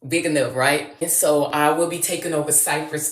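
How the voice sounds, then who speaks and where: A woman vlogging, chatty and animated, talking straight to her viewers. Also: low-pitched, brisk, few pauses, reverberant. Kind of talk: excited vlog chat.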